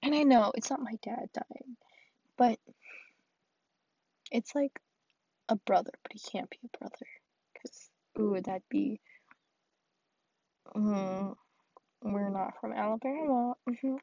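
Husky, gravelly young woman venting. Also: on the high side, slow, long pauses, dark tone, dry recording, highs cut off. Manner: rambling, filler-heavy, often dropping to a whisper. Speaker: vlogger. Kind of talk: solo confessional vent.

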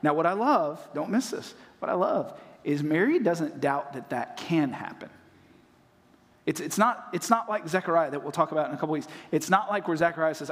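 A man from North Carolina, preaching a sermon as pastor and acting out voices in animated storytelling. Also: a little high, moderate pace. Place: church auditorium. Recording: long reverb of a large hall.

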